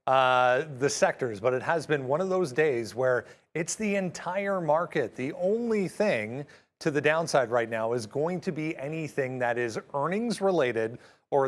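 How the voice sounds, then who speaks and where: Man, quick market update, brisk, upbeat, mid-pitched voice.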